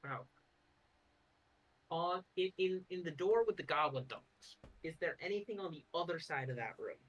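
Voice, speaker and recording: A man's voice: a little high, lively intonation, normal speed, a bit bright, muffled recording. Hesitant, stammering male player. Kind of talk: tabletop game chat.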